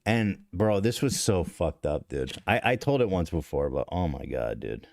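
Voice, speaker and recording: A man's voice: sits low, big pitch swings, moderate pace, vocal fry, a little mellow. A man hosting a podcast, telling a story in a rambling, profane, self-deprecating way with many restarts. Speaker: podcast host. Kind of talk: casual confessional podcast talk. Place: podcast studio.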